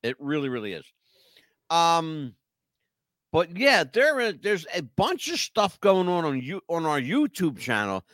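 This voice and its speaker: A man hosting a casual talk show, his voice rising and falling with lively, animated swings as he rambles through stories with emphatic asides. His tone sits a little on the higher side, and the recording is dry and close, with no room sound. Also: measured pace, dry recording. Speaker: podcast co-host. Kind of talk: casual chat.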